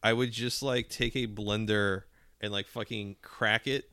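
A man co-hosting a podcast in casual chat, crude and animated, acting out quotes in silly voices. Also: lowish voice, a little slow, dry recording. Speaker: podcast co-host.

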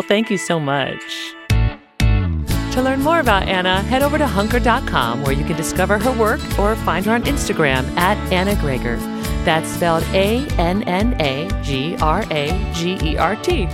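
Lively low-voiced woman podcast host. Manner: warm, effusive, laughs often. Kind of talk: conversational podcast interview.

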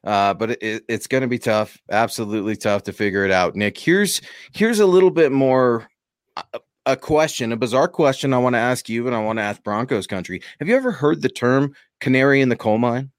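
A man's voice: mid-range voice, fairly quick, no echo, clean studio sound. A man hosting a casual sports podcast, chatty, reading out supporter thanks and putting questions to his co-host.

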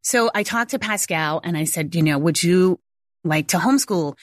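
A woman's voice: fairly low pitch, normal speed, dry recording, clean studio sound. Candid, tearful woman telling her story. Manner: emotional, casual, swears and laughs often. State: close to tears. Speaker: homeschooling mother. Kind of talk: candid personal storytelling to viewers.

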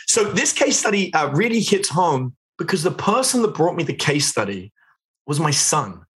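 A man's voice: fairly high pitch, sing-song, moderate pace, a bit bright. A middle-aged man teaching business in a live webinar, chatty, filling his talk with "like" and "right?" and putting questions to his viewers. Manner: chatty, asks the chat questions, lots of "like" and "right?". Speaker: online business instructor.

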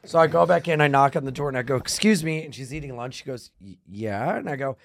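Animated man telling funny stories. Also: medium pitch, very fast, vocal fry, no echo, studio quality. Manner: animated storyteller who acts out quotes and laughs often. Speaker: comedian podcast co-host. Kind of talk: casual comedic chat.

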